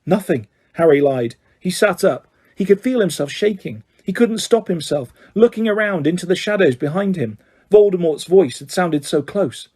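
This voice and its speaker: A man narrating a fantasy audiobook in a steady storytelling manner. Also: sits high, normal speed, husky.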